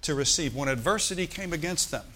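A male pastor preaching a sermon, calling out to the congregation for responses and swinging from loud bursts to soft, low asides. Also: expressive, quick pace.

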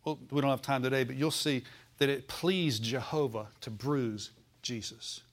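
A man's voice: mid-range voice, steady tone, normal speed. Man preaching a folksy sermon. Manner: preaching with call-and-response, folksy phrasing. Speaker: pastor.

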